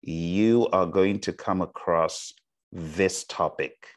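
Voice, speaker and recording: Slow, deep-voiced male instructor. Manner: deliberately slow, repeats checks like "okay?" and "all right?". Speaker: exam prep instructor. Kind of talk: recorded online lecture.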